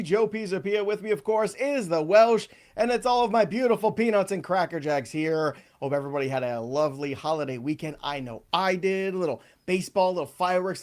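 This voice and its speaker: Upbeat male sports podcast host, slightly high voice, joking. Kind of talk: casual sports chat.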